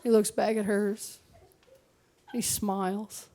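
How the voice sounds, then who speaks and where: A young woman from Alberta, Canada, doing a stand-up set on a club stage, telling stories deadpan and acting out the people in them. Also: mid-range voice, slow. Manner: deadpan storytelling with acted-out quotes. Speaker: stand-up comedian. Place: comedy club stage before a laughing audience.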